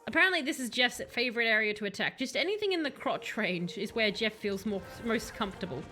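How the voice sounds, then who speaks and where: A young woman streaming a game, chatting casually and excitedly, joking and calling out to her companions. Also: on the high side, fast talker, over music. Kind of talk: casual live gameplay commentary.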